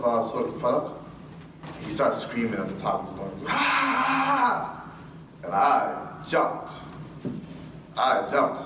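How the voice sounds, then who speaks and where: A man speaking to a live audience, telling a story with lively acted-out dialogue and frequent laughs. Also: fairly low pitch. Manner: animated, acts out dialogue, laughs often. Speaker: guest speaker. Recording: echoey hall from far off with room noise.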